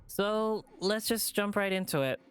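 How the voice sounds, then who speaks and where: A streamer voicing a calm, plain-spoken young woman in a visual novel, speaking in a flat, even tone. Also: mid-range voice, a little slow, clear, resonant tone, soft background music, voice pushed up, lightly acted. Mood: blunt. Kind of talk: visual novel read-aloud.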